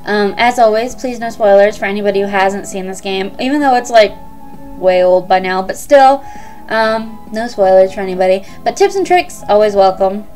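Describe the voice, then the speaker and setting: A woman's voice: mid-range voice, moderate pace, darkish tone, soft background music. A young woman hosting a let's play, chatting casually with many ums. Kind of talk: casual game commentary.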